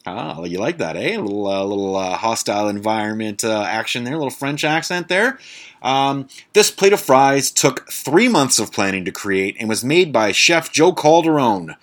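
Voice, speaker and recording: A man's voice: mid-range voice, normal speed. A man hosting a casual monologue podcast, blunt and sarcastic, swearing freely and stumbling over fancy words. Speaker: podcast host.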